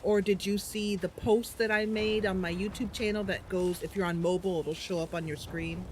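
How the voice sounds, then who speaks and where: A woman's voice: mid-range voice, fairly even intonation, normal speed, a little mellow, slight background noise. A woman streaming a game, chatting and muttering her plans to herself as she plays. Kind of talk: thinking aloud while playing.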